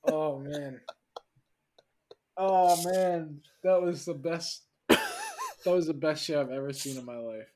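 Young man, casual chat, swears a lot, lively pitch, noisy recording. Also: slow pace, long pauses. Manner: swears freely, reacts with loud laughs.

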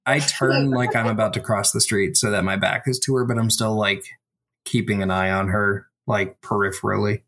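A man's voice: on the low side, steady tone, moderate pace, fairly bright tone. Hesitant man playing a tabletop game. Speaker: player. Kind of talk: casual tabletop game play.

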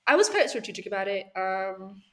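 A woman's voice: medium pitch, very animated, brisk, fairly bright tone. A young woman in her twenties speaks as a guest on an interview podcast. She answers casually, with frequent fillers and self-corrections. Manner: hesitant, many restarts and fillers. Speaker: podcast guest, doctoral student.

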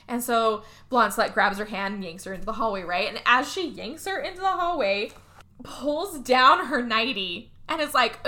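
A woman's voice: sits high, normal speed. A woman co-hosting a casual chat, recapping a movie with lots of acted-out voices. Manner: animated, acts out characters' lines. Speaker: podcast co-host recapping a movie.

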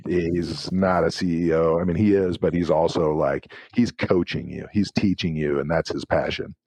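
A man in his forties, a former pro football player, telling interview stories with lively acted-out quotes. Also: low voice, moderate pace, breathy edge, dry recording. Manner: animated anecdotes with acted-out quotes. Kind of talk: casual interview storytelling.

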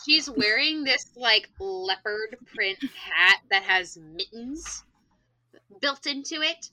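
A young woman, a teacher, telling a classroom story in animated casual chat, swearing freely and acting out the voices. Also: on the high side, slow, low-quality recording. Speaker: elementary school teacher and podcast player.

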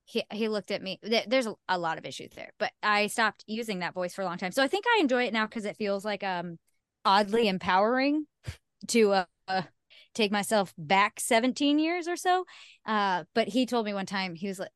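A young woman chats candidly as a podcast guest, mocking herself, cursing freely and laughing easily. Her voice sits at an ordinary pitch for a woman. The recording is close and dry, with no room sound. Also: animated, brisk, a bit bright, clean tone, no echo. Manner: frank and self-mocking, swears freely, laughs often. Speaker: podcast guest, singer-songwriter. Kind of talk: candid casual chat.

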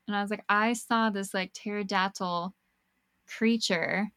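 A young woman in a relaxed podcast chat, telling her story with lively acted-out dialogue and frequent swearing. Her voice sits at a middle pitch and sounds dry and close to the mic. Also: moderate pace, no echo. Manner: animated, acts out quoted dialogue, swears freely.

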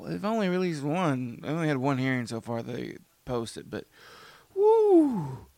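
A man's voice: medium pitch, expressive, moderate pace, gravelly, no echo. A man giving a heated, rambling opinion rant, full of fillers and restarts.

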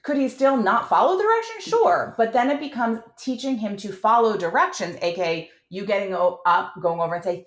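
Clear-spoken woman parenting coach, echoey room. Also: medium pitch, expressive. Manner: clear, instructive, measured. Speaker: parenting coach and podcast host. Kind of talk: coaching conversation.

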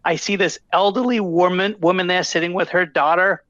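A man's voice: high voice, fairly even intonation, a little fast, fairly bright tone, no room sound. A man co-hosting a podcast in an upbeat, punchy, casual way, on a dull, dry recording. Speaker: podcast co-host. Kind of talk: casual storytelling chat.

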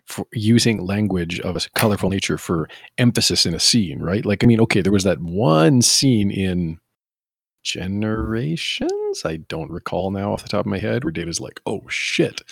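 A man co-hosting a casual podcast chat, rambling and riffing with animated asides. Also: fairly low pitch, gravelly, husky, no echo, clean studio sound.

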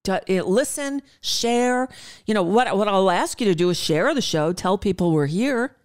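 A woman's voice: mid-range voice, expressive, moderate pace, a little mellow. A woman in her sixties hosting a talk radio show, chatting in an exasperated, rambling way with frequent restarts and asides. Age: 60s. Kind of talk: casual monologue.

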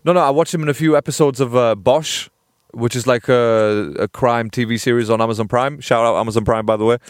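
A man's voice: mid-range voice, fairly even intonation, a little fast, dry recording, studio quality. A young man from the Northeast of England with a Northern English accent, hosting a podcast in casual, joking banter. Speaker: podcast host. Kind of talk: casual chat.

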